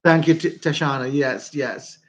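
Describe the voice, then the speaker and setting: A man with a Jamaican accent, hosting a casual livestream and warmly greeting his viewers by name. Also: on the high side, a little slow. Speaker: livestream host.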